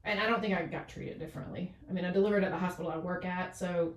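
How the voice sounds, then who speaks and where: Speaking quickly in a fairly low, steady voice, a woman doctor in her forties chats as an interview guest, her talk loose and rambling with plenty of fillers and restarts. The mic is far away and the room echoes.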